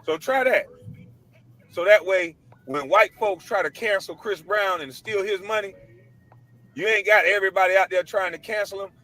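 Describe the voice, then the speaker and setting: A man with a high, sharp voice rants straight to camera in a blunt, preachy monologue. He leans on casual slang and hammers the same points again and again. It sounds like it was recorded on a computer mic. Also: moderate pace, low-quality recording. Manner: emphatic, preachy, repeats his points. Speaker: online commentator.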